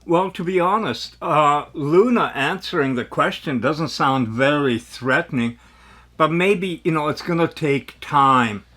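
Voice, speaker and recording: A man in his seventies talking in a rambling, animated way in a casual monologue, his voice jumping up when he gets excited. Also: a little high, a little slow. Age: 70s. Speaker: vlogger.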